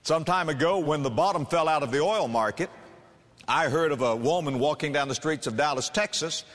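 A man preaches a sermon with emphasis and animation, slowing down for scripture and speeding up to press a point. His voice sits a little high, and the sound carries the echo of a big room.

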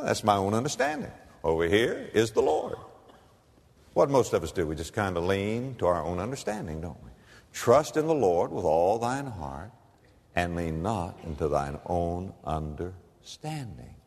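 A man preaches a sermon with a lively, swinging pitch. He drops to hushed asides, then rises to emphatic lines and acts out the people in his stories. The sound carries the long reverb of a large church sanctuary. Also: brisk. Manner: plays out little scenes in the voices of the people in his stories. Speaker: pastor.

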